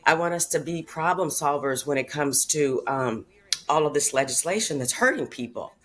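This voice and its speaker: A woman's voice: low-pitched, expressive, normal speed. A woman speaking earnestly and from the heart as a regular on a radio talk show, in casual conversation. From Chicago area. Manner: earnest, heartfelt, tearful at times.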